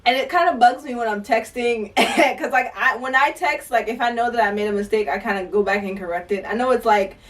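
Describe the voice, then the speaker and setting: A woman's voice: on the high side, fairly quick, few pauses, recorded from a distance. A woman from Jamaica co-hosting a casual podcast, blunt and outspoken, swearing freely and laughing often. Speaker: podcast co-host.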